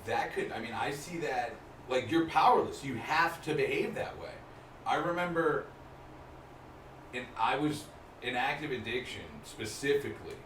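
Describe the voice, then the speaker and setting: A man's voice: mid-range voice, moderate pace, a bit bright. A man speaking candidly and reflectively in a casual group discussion, swearing freely. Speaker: group therapy participant. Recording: roomy sound from a distant mic with faint noise.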